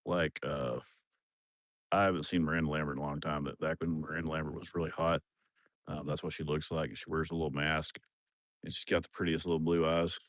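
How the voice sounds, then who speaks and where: A man, rambling casually on a livestream from a farm, with bursts of loud excitement. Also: very deep voice, a little fast, no room sound, clean studio sound. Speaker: livestream host.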